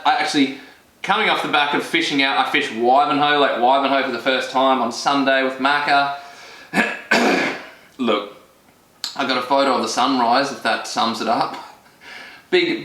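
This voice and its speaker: A man's voice: medium pitch, sharp tone. Chatty Australian man in an echoey room. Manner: rambling, jokey, self-deprecating, many restarts. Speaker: fishing vlogger. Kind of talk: casual vlog chat.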